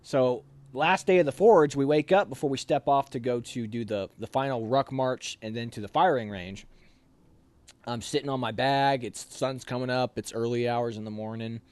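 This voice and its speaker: A young man casually telling animated stories from army training, laughing and acting out other people's lines. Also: medium pitch, normal speed, no room sound. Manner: animated, laughs while telling, acts out quotes. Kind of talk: casual storytelling.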